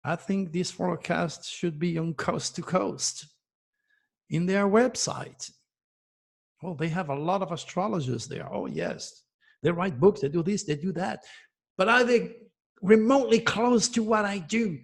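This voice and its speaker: A man in his seventies with a French accent speaks straight to his viewers in an emphatic, self-praising monologue. His voice is gravelly and husky and sits a little high for a man. He preaches and boasts by turns. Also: a little slow. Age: 70s. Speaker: astrologer host.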